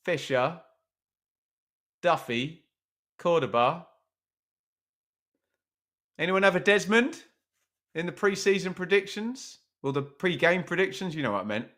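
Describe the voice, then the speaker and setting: A man's voice: high-pitched, expressive, measured pace, pauses often, a bit bright. A man hosting a live football watch-along, chatting casually, joking about himself and answering viewers' comments. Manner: chatty, self-mocking, reads chat aloud.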